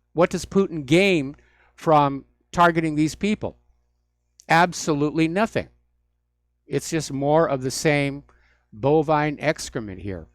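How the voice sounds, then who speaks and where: This is solo talk radio commentary: a man runs through the news, peppering it with mocking, sardonic remarks. He has a fairly high voice for a man, captured close and dry in a studio without any room echo.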